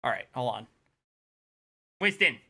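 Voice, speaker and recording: A man's voice: medium pitch, normal speed. A tipsy man hosting a stream, reacting casually with laughter and swearing. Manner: laughing, profane, excitable. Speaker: streamer hosting a review show.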